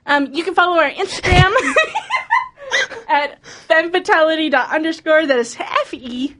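A woman's voice: high voice, normal speed, fairly bright tone. A young woman co-hosting a casual show, playful and laughing, out of breath. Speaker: co-host. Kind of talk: casual chat.

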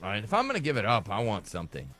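Male radio co-host, lively pitch, jokey banter, casual storyteller. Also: rapid-fire, soft background music.

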